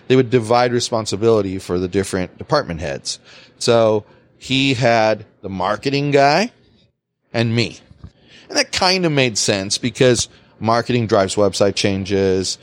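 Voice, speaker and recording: A man's voice: a little slow, dry recording. A man hosting a podcast, telling a work story in casual chat, swearing freely. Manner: animated, swings pitch widely, swears freely. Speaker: podcast host.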